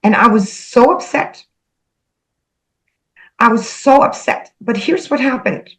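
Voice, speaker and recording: A woman earnestly recounting a spiritual experience, halting and repeating herself, emotional as she goes. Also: a little high, animated, a bit bright, low-quality recording. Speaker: spiritual channel host. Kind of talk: personal spiritual storytelling.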